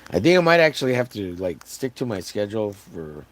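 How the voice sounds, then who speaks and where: A man from Texas with a hoarse, wearing-out voice, chatting casually and jokingly to his live stream audience while riffing on catchphrases. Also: on the low side, big pitch swings, brisk. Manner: joking, rambling, riffs on catchphrases.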